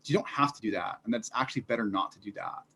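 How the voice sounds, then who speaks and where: A man's voice: lowish voice, lively intonation, fast, creaky, a bit bright. Earnest male guest with faint background noise. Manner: earnest, reflective, many fillers like "like" and "you know". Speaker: fitness business founder, guest. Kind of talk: casual interview chat.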